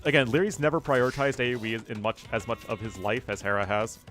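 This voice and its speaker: A man's voice: mid-range voice, fairly even intonation, fast talker, fairly bright tone. An American man casts a live strategy game in a loose, chatty way, laughing easily as he answers chat. His voice sits in a middle range. Faint music plays behind him. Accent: General American. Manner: casual, chatty, laughs often. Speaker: caster.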